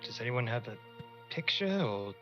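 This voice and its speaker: A man narrating a tabletop game as dungeon master, describing scenes in slow, descriptive narration. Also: mid-range voice, big pitch swings, highs cut off, over music.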